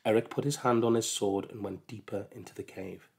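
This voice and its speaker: Male storyteller, calm measured storybook read-aloud. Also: on the low side, creaky.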